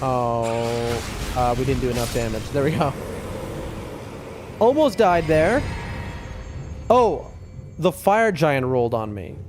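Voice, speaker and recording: A man's voice: mid-range voice, expressive, slow pace, long pauses, noisy background. A man streaming a game from his room at home, chatting loosely with his viewers in a rambling way. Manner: chatty, rambling, talks to chat and his cat. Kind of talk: casual live-stream chat.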